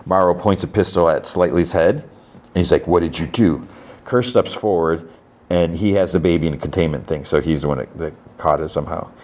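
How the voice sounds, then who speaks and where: A man with a low, deep voice recaps a show in a loose, rambling way. He piles on fillers and acts out the characters' lines as he goes. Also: fairly quick, a little mellow. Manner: rambling retelling full of fillers and quoted lines. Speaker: podcast host. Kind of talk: casual episode recap.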